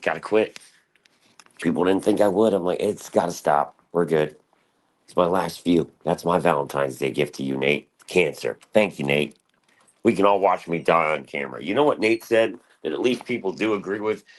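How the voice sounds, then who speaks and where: A man's voice: deep voice, a bit bright. A young man streaming in the morning, rambling and cursing, and talking about himself in the third person. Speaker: live streamer.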